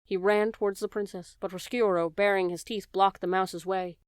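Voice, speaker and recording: A woman narrating a children's audiobook in a measured, expressive storytelling manner. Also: mid-range voice, smooth, dry recording, clean studio sound.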